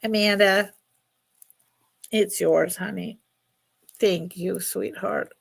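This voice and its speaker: A woman's voice: mid-range voice, steady tone, takes it slowly, gravelly, breathy edge. A middle-aged woman hosting a casual live jewelry sale, chatty and emotional, often laughing. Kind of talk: casual live stream selling.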